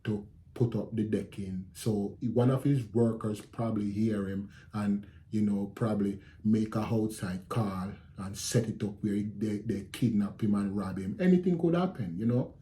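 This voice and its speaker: Dark-voiced Jamaican man telling a story. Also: lowish voice, normal speed, few pauses. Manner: animated retelling with repeated phrases and quoted speech. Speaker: channel host telling a story. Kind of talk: casual storytelling to viewers.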